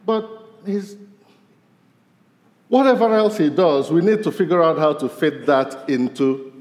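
A man preaching a sermon as pastor, his voice rising to stress points and falling low at the end of each. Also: unhurried. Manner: animated, voice rising for emphasis and dropping low at ends of points. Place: church sanctuary. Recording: long reverb of a large hall.

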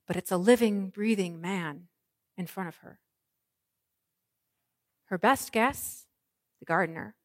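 A woman pastor preaching an Easter sermon, moving from hushed, soft lines to ringing proclamations. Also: mid-range voice, slow, long pauses, dry recording, studio quality.

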